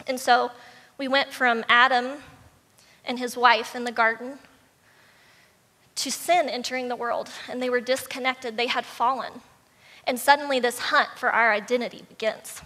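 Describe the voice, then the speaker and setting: A woman pastor preaching a sermon, retelling a children's story and acting out its characters with animated voices. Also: fairly high pitch. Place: church sanctuary. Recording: long church hall reverb.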